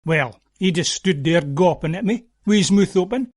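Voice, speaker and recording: Scottish man, dialect storytelling, wry, homely, high voice, dry close sound. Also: lively intonation, moderate pace, no room sound. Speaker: narrator. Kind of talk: dialect storytelling of an audio play.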